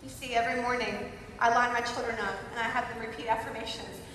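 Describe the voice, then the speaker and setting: A woman in her thirties giving an emphatic motivational speech at a conference, moving between loud declarations and soft, quiet passages. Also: fairly high pitch, steady tone, fast talker, slight background noise. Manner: emphatic, swings from shouting to soft. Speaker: conference speaker. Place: large conference hall. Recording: echoey hall, voice from far off.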